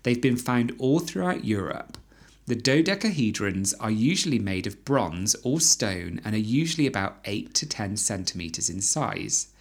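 A woman's voice: moderate pace, breathy edge. A woman co-hosting a podcast, chatting casually and reading out odd facts. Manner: chatty, reads facts with lively pitch. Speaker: podcast co-host. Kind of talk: casual chat.

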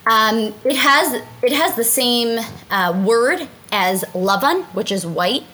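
A woman's voice: on the high side, animated, slow pace, bright, forceful tone, rough recording. A woman teaching a Talmud story in a chatty way, translating Aramaic lines and often asking "right?". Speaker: Torah class teacher.

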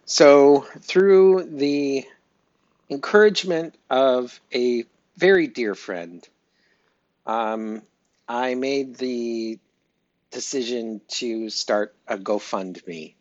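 A man speaking slowly and haltingly in a heartfelt personal audio diary, with many pauses and fillers. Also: medium pitch, darkish tone, no room sound. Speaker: pet owner sharing an update. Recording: dry, dull lo-fi recording.

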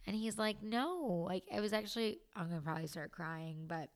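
A young woman, a new mother, talking candidly and from the heart in a personal vlog, slow and halting in places. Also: mid-range voice. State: tearful.

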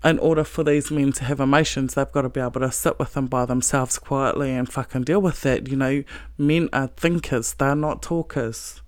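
A woman's voice: rumbling low, fairly even intonation, normal speed, hardly any pauses, no echo, studio quality. Blunt, foul-mouthed ranting woman. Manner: profane, forceful ranting. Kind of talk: blunt monologue on relationships.

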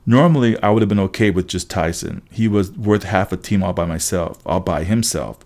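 Man narrating a wry audiobook. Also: sits low. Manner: lively, wry storytelling with quick character voices. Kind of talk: first-person audiobook narration.

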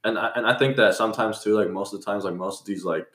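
A man's voice: fairly low pitch, quick pace, a bit bright, roomy sound. A young man hosting a casual podcast chat, rambling with lots of fillers. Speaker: podcast host.

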